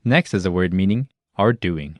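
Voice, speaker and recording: Deep-voiced man narrating a lesson. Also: normal speed, no room sound. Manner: even, explanatory, announcer-like. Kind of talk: scripted instructional narration.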